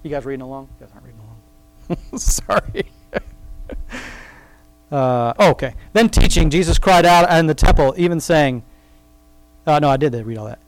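A man reading scripture aloud slowly and then commenting on it in a loose, rambling, conversational way, laughing now and then at his own remarks. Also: a little high, animated, no echo. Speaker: Bible study teacher. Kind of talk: casual Bible reading and commentary.

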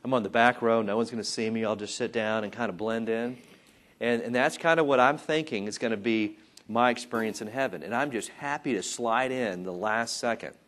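A man's voice: medium pitch, fairly quick, a bit bright. A man teaching from the Bible in an informal sermon, chatting, acting out voices and joking about himself. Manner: conversational, acts out voices and jokes about himself. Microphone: taped.

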